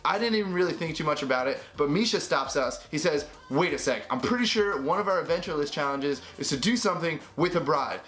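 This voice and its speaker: Animated young man telling a story. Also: fairly high pitch, quick pace, hardly any pauses, soft background music. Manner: animated, acts out quoted voices. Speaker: vlogger. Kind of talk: storytelling to camera.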